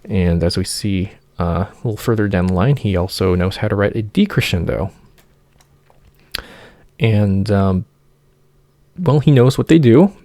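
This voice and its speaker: A man giving an informal music theory lecture, singing motifs in nonsense syllables and pausing often with fillers. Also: fairly low pitch, mellow, no echo.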